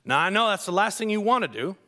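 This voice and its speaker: Man, pastor, sermon, conversational storytelling, casual slang, bright forceful tone. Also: sits high, animated, fast.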